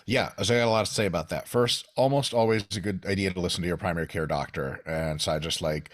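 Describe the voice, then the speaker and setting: A man in his thirties, from Russia, talking as a guest on a casual podcast. His voice sits a little low and sounds close and dry. He swears freely, jokes around and explains at length. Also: fast talker, dry recording. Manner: profane, joking, explains at length.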